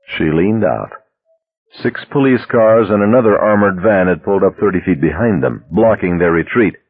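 A man narrating a story aloud in a steady, measured reading. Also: low-pitched. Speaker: audiobook narrator. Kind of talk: scripted narration. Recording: dry tinny phone-like sound.

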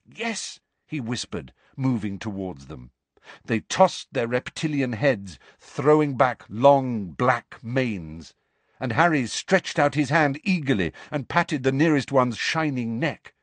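A man narrating an audiobook with expressive storytelling. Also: mid-range voice, slow pace, no room sound. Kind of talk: scripted narration.

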